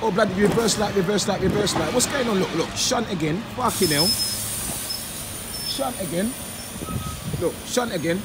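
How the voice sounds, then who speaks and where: Hoarse young guy yelling at his bin lorry driver on the street, high voice, loud traffic all around, phone mic. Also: moderate pace, pauses often. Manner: loud, exasperated, swearing, slangy. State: voice going hoarse. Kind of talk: excited running commentary. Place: outdoors on a city street beside a bin lorry. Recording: street noise and traffic behind.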